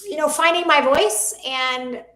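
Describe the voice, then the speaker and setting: High-voiced woman educator, echoey room. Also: unhurried, sharp tone. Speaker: educator guest. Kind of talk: casual panel talk. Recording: roomy echo.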